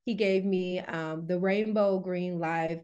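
A woman guest on a podcast, a wellness coach, telling stories in a lively, chatty way with many fillers. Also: lowish voice, slow, clear, resonant tone, highs cut off. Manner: lively storyteller, laughs often, many fillers. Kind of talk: casual interview chat.

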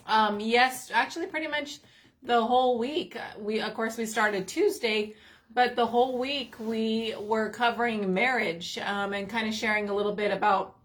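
A woman co-hosting a faith livestream, chatting casually, greeting viewers and laughing often, with her voice going a little hoarse. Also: fairly high pitch, steady tone, normal speed. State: losing her voice.

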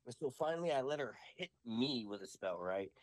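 A young man chats on a podcast, spinning an animated, profane story about his family. His voice sits at a middling pitch. The sound is dry and close, with no room around it. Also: a little fast, no echo. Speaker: podcast host. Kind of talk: casual chat.

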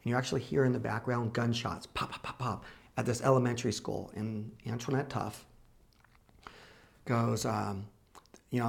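A man hosting a conversation show, retelling a true story slowly and with emphasis. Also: medium pitch, fairly even intonation, vocal fry, a little mellow. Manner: slow, emphatic retelling with quoted dialogue. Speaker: podcast host.

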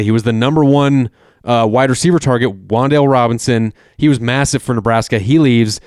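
A man's voice: mid-range voice, a little mellow, clear, resonant tone, dry recording, clean studio sound. A man co-hosting a casual sports talk show, eager and tripping over terms as he explains. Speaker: co-host.

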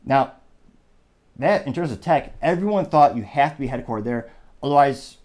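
A man's voice: mid-range voice, animated, moderate pace, darkish tone. A man hosting a solo political commentary show, talking conversationally with sarcastic asides and frequent digressions. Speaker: host.

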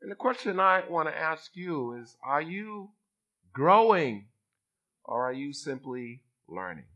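A man in his fifties from Boston delivers a sermon with a bright, forceful tone. His voice sits a little high and swings widely as he draws the congregation in. He calls out for a response as he preaches. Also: very animated, unhurried, dull audio. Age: 50s. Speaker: bishop.

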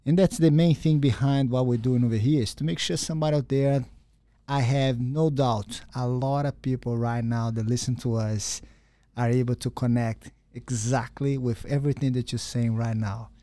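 A man's voice: mid-range voice, steady tone, normal speed, mellow, dry recording. A man hosting a podcast, asking questions earnestly and often repeating words as he searches for them. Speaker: podcast host. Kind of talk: interview questions.

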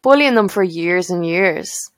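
A woman's voice: lowish voice, expressive, a little slow, no echo. Teasing sweary Dublin woman. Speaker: podcast co-host. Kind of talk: casual chat.

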